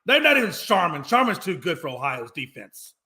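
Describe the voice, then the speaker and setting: A man co-hosting a sports talk show, ranting in an animated, profane way and repeating phrases for emphasis. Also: sits high, brisk, slight background noise. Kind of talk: loud casual sports talk.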